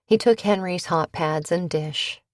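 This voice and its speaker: Slow low-voiced woman narrating. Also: no echo, studio quality. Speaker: audiobook narrator. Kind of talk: scripted narration.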